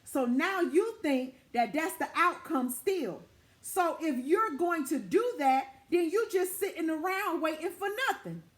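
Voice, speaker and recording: A woman's voice: extremely high pitch, expressive, a little slow. A woman delivering a prophetic word to her viewers, exhorting them emphatically and repeating her points in an informal, direct way. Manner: informal, direct address to listeners. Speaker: prophetic minister.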